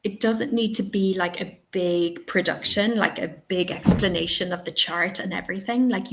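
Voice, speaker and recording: A woman's voice: on the low side, fairly bright tone, low-quality recording. A young Irish woman running a live teaching webinar, answering chat questions in a chatty, upbeat way. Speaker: TEFL webinar trainer.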